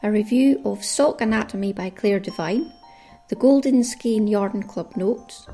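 A Scottish woman from Caithness talks through her podcast in a relaxed, chatty way, with a mellow, warm voice. Her Caithness accent is clear as she runs through long lists of listener names. Her pitch sits in an ordinary middle range for a woman. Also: unhurried, faint music behind. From Caithness, Scotland. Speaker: podcast host. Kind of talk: casual solo podcast chat.

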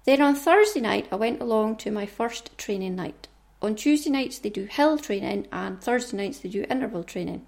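A woman's voice: medium pitch, expressive, moderate pace, creaky, few pauses, a little mellow. A woman hosting a podcast, chatting casually and self-mockingly to her listeners. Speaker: podcast host.

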